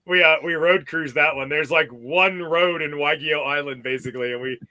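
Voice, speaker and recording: Podcast guest, male: a relaxed, chatty storyteller with a bright, slightly higher voice. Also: normal speed. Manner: relaxed storyteller, laughs often. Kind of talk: casual chat.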